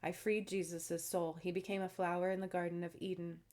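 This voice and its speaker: A woman's voice: fairly low pitch, little pitch movement, fairly quick, darkish tone. A woman talking casually to her viewers, earnest and emphatic, often checking in with "okay?". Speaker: self-described spiritual channeler. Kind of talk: casual monologue to camera.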